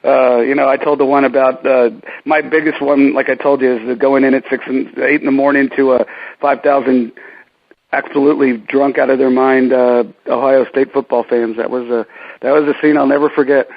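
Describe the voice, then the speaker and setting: A ring announcer, interviewed about his career, tells casual stories that ramble with lots of ums, fillers and restarts. His medium-pitched male voice is brisk and fairly flat, and the recording is muffled.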